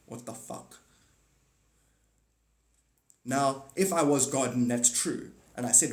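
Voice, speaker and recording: A man's voice: mid-range voice, unhurried, pauses often. A man hosting a livestream, rambling through a monologue and answering chat comments aloud. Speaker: livestream host. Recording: echoey room.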